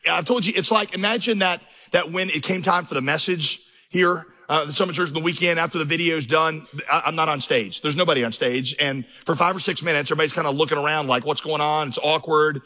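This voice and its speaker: A man's voice: on the high side, steady tone, fast, bright, forceful tone. A man preaching a sermon as pastor, telling stories and building to impassioned emphasis. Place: large church auditorium. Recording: reverberant hall.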